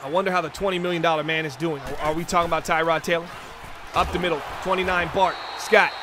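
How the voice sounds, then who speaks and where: A man hosting a live stream, calling video game plays with excitable commentary that breaks into hollers on big moments. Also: fairly high pitch, quick pace, noisy background. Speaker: stream host and play-by-play commentator.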